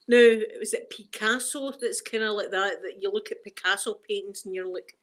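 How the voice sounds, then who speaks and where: A woman's voice: mid-range voice, brisk, hardly any pauses. A middle-aged woman with a Scottish accent chatting casually on a live stream, reading the chat and laughing often. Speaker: ASMR streamer.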